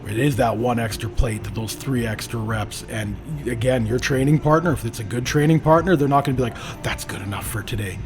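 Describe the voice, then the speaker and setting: A man's voice: medium pitch, fairly even intonation, brisk, hardly any pauses, over music. A man hosting a podcast in casual chat, talking about training with emphatic, profane motivational energy. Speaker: podcast host.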